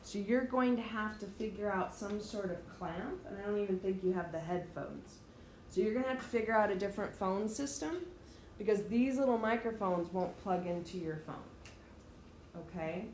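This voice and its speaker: A woman's darkish mid-range voice, at normal speed, delivers a direct, emphatic lecture to her students, explaining step by step. The recording has an echoey room, faint ambience and slight background noise.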